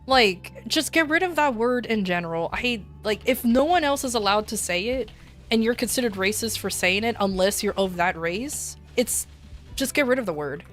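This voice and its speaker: Woman streamer, fairly high voice, casual storytelling, blunt, profane, laughs a lot, faint music behind. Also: animated, moderate pace. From desert region. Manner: blunt, profane, laughs often, acts out quoted yelling. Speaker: VTuber streamer.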